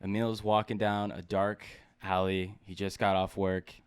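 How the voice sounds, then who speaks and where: A man's voice: low voice, level tone, measured pace, clean tone. A man hosting a podcast in casual chat, laid-back and slangy, often laughing. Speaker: podcast host.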